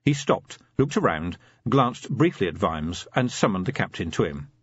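Male audiobook narrator, expressive storytelling, husky voice, slightly dull recording. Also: low-pitched, moderate pace, dry recording. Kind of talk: scripted fantasy narration.

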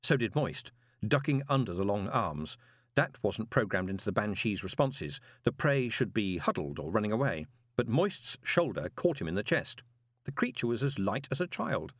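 A man reading a novel aloud as an audiobook narrator, dramatic and expressive with drawn-out pauses. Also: medium pitch, no room sound. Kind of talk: scripted narration. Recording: dry close studio recording.

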